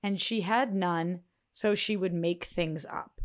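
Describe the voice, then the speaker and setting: A woman's voice: fairly low pitch, takes it slowly. A woman co-hosting a podcast, telling personal relationship stories in an earnest, explanatory way. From Boston. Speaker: podcast co-host. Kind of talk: casual podcast chat.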